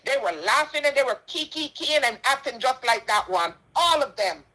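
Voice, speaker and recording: A woman's voice: high-pitched, animated, normal speed, sharp tone, poor audio. A middle-aged Jamaican woman making an impassioned personal statement, indignant and emphatic, repeating her points. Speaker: charity donor responding to a dispute.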